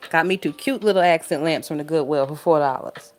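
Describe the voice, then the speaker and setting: A woman's voice: low-pitched, fairly quick, faint music behind. Profane young woman ranting casually. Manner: profane, exasperated, laughs a lot. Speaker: YouTube commentary host. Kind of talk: casual reaction commentary reading live chat. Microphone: phone.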